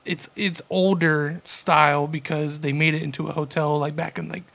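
A young man tells a slow, rambling story to his co-hosts. His voice sits a little high for a man and has a gravelly fry running through it. He talks in a loose, casual way with plenty of fillers. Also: level tone, a bit bright. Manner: rambling, laid-back storytelling with many fillers. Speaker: podcast co-host.

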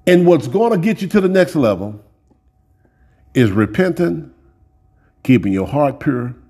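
A man with a fairly high voice preaches a sermon in a loose, folksy way. He speaks straight to his listeners and doubles back on words as he builds each point. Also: sing-song, measured pace, dark tone, slightly rough. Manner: repeats words while building up, folksy and direct.

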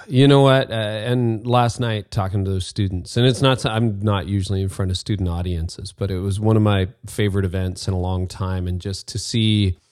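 A man hosting a podcast interview, speaking softly and reflectively as he gently draws out his guest's story. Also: low-pitched, no room sound. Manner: soft, reflective, gently prompting. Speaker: podcast host. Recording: dry close studio sound.

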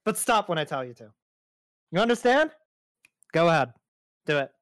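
A man's voice: a little high, sing-song, moderate pace, a bit bright, dry recording. A man who is a guest on a livestream, joking and bossing his chat around in a casual way. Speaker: streamer guest.

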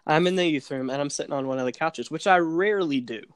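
A young man telling a funny story in casual chat, animated and laughing as he acts out the people in it. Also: on the high side, quick pace, clean tone, no echo. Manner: animated, laughing, acts out voices in his stories.

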